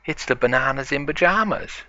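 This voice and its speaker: A man voicing a small excitable boy pig in a toy-play story. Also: medium pitch, normal speed, dry recording, muffled recording, voice pushed up. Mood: eager.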